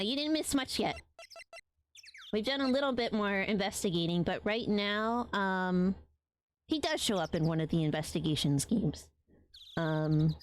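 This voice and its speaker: A young woman streamer chatting casually while playing a game, rambling with many ums. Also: fairly low pitch. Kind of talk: casual let's-play commentary.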